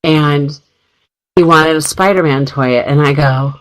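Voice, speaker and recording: A woman's voice: sits low, a little slow, poor audio. A middle-aged woman co-hosting a radio talk show, telling family stories in a chatty way and laughing often. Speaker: radio co-host. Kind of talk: casual radio chat.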